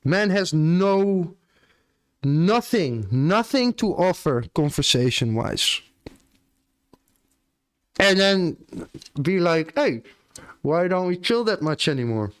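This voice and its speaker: A man's voice: high-pitched, sing-song, slow pace, pauses often, smooth, dry recording, studio quality. A young man with an Australian accent chatting casually on a live stream, swearing offhandedly and tacking "bro" onto his lines. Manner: laid-back, swears casually, often ends lines with "bro".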